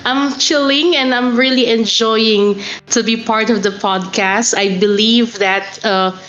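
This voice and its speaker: A woman's voice: a little high, steady tone, measured pace, a bit bright, muffled recording, faint music behind. A woman who teaches and creates content, a friendly, enthusiastic podcast guest on online voice chat. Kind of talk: casual chat.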